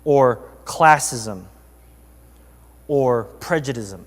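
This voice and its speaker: A man's voice: medium pitch, extremely slow, long reverb tail. A man preaching a sermon as pastor, telling a story in a loose, chatty way with many fillers. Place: church sanctuary.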